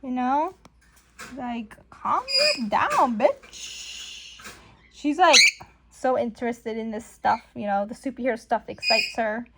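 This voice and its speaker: A woman casually recapping and commenting on a comic book from home, chatty and animated with lots of fillers. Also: fairly high pitch, takes it slowly, very noisy. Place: home room with a pet bird.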